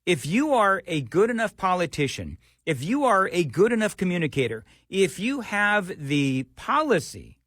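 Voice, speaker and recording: A man's slightly high voice swings widely in pitch as he hosts American talk radio, hammering his points with repeated phrases. The sound is close and dry. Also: dry recording. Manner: animated, emphatic, repeats phrases. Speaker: radio talk show host. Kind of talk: political talk radio commentary.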